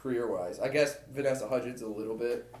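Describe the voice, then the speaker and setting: A man co-hosting a casual podcast, chatting loosely with plenty of swearing and quick laughs. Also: medium pitch, a little mellow. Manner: loose and profane, laughs easily. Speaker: podcast co-host. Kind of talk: casual chat. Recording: echoey room.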